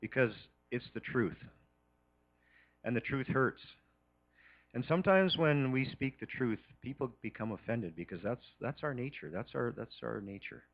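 A man giving an earnest, halting address to a church congregation before communion. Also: mid-range voice, animated, highs cut off, a little hiss or hum. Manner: earnest, halting, many restarts. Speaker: church leader leading communion.

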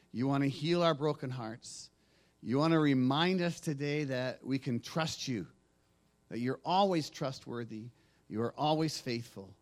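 Man praying earnestly in church. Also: fairly high pitch. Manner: earnest, flowing prayer cadence. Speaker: worship leader. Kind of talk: spoken prayer. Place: church sanctuary.

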